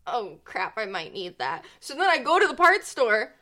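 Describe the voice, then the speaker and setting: A woman's voice: on the high side, very animated, moderate pace, pushed and bright. A young woman co-hosting a podcast, telling a story in casual chat with lots of "like" and frequent laughter. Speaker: podcast co-host.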